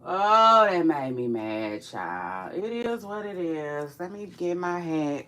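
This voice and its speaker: A woman vlogging in casual chat to camera, animated, profane and chatty, talking straight to her viewers. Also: fairly low pitch, measured pace, hardly any pauses.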